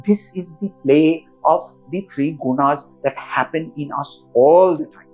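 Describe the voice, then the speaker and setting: A man, a co-host who teaches spiritual ideas through animated, conversational storytelling. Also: a little high, unhurried, faint music behind. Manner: animated storyteller, rising and falling emphasis.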